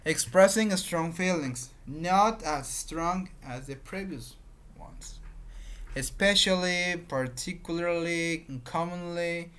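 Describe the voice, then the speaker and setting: Slow teacher. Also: medium pitch, fairly bright tone, smooth. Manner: repeats patterns, explains with examples. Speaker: English teacher. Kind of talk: grammar lesson.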